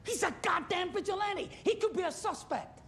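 An actor playing an angry middle-aged police commissioner who shouts indignantly. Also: male voice, very high voice, moderate pace, vocal fry, a little hiss or hum, exaggerated voice.

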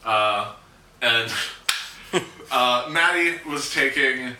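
A man's voice: medium pitch, extremely slow, recorded from a distance, background noise. Young guy rambling thru a work story, lots of uhs, echoey room. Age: young adult. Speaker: podcast guest. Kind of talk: casual chat.

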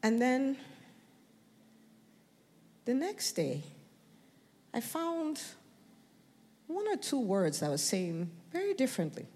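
An American woman preaching a sermon, animated, often asking the crowd questions and building up to shouting. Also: high-pitched, takes it slowly, pauses often. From United States. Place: church. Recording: long reverb of a church hall.

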